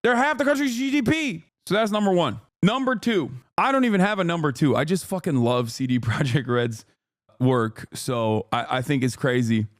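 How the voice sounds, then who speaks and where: A man hosting a reaction stream, talking in a profane, animated and exasperated way, often restarting his sentences. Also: medium pitch, moderate pace, no room sound, studio quality. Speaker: streamer host. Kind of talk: reaction commentary.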